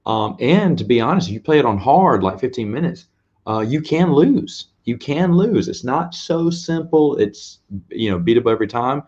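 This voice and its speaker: A man's voice: medium pitch, expressive, normal speed, a little mellow, muffled recording. A man hosting a casual late-night live stream, chatting with viewers in a rambling, self-deprecating way and laughing often. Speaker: host answering viewers' questions.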